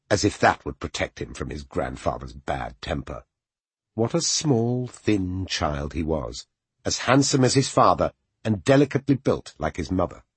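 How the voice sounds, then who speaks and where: A man narrating a fantasy audiobook with expressive storytelling. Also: sits low, breathy edge, no room sound.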